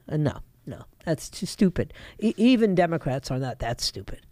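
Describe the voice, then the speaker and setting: A woman's voice: sits low, sing-song, moderate pace, mellow, no room sound. Emphatic woman radio talk host. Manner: emphatic, opinionated, talks straight to listeners. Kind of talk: political talk radio monologue.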